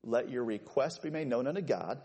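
A man preaching an evening sermon, animated and joking with listeners he calls by name. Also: moderate pace, breathy edge. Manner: animated, jokey asides to named listeners, lively pitch swings.

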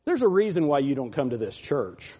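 A man preaching a sermon as pastor, mocking, jumping from loud laughing shouts down to low muttering. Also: big pitch swings, a little fast, breathy edge, lo-fi sound.

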